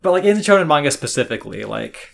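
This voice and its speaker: A man's voice: on the high side, sing-song, fast talker, vocal fry, a bit bright. A man co-hosting a podcast in casual chat, rambling with many fillers and restarts. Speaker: podcast co-host.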